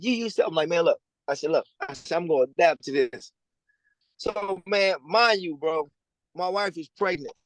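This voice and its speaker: Guy in his 30s telling his story on a call, slangy, pretty high voice, dry sound. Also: dry recording, rough recording. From Louisiana. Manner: animated storyteller, acting out quoted people in a higher voice; slangy and casual. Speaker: guest. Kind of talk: storytelling interview. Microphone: remote call over a weak connection.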